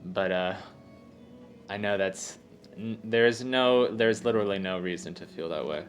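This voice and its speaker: Slow-talking low-voiced man, casual gamer. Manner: rambling, halting, self-deprecating. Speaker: let's play host. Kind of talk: casual gameplay commentary. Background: faint game music.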